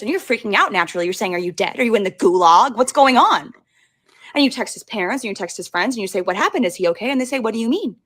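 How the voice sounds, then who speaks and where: A woman telling a story at breakneck speed, barely pausing between lines. Her delivery is breathless, with one event spilling straight into the next. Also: mid-range voice. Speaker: storyteller in a played clip. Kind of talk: fast storytime monologue.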